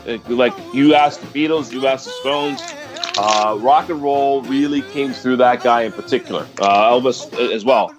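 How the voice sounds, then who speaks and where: A man co-hosting a podcast, speaking in a halting way with many restarts. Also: mid-range voice, music in the background. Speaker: podcast co-host. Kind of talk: casual chat.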